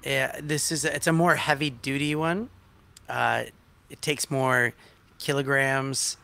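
Bright-voiced, rambling chatty man. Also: mid-range voice, steady tone, measured pace, creaky. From outside Australia. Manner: chatty, rambling, lots of fillers and restarts. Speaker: stream co-host. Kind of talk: casual chat.

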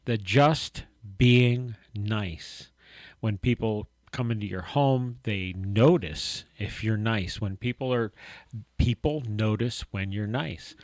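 This middle-aged co-host of a Christian talk show has a fairly low voice and a slow delivery, recorded without echo. Chatting casually about faith, he spins animated stories and acts out the quotes.

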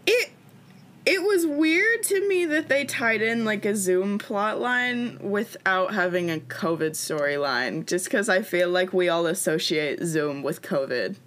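A young woman, co-hosting a podcast in casual chat, chatty and quick to laugh, her voice still in its morning state. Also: mid-range voice, expressive, a bit bright. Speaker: podcast co-host.

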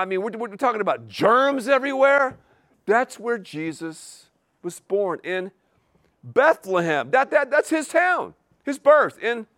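A male preacher delivering a sermon in an animated, repetitive style full of rhetorical questions. His voice sits high and swings widely in pitch. The sound is dry and close. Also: no room sound.

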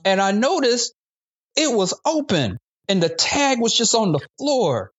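A man's voice: high voice, big pitch swings, measured pace, fairly bright tone, slightly rough. A male comedian telling a long comic story in a loose, slangy and profane way. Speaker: guest comedian. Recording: dull lo-fi sound.

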